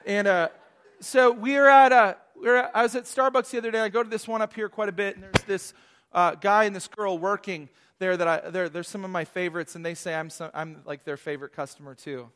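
A man in his thirties, a pastor preaching a lively sermon with storytelling asides. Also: high-pitched, a little fast.

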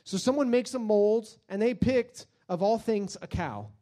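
A man's voice: high-pitched, measured pace. A man preaching a sermon in a jokey, conversational way, telling stories with silly acted-out voices. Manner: animated storytelling, acts out silly voices.

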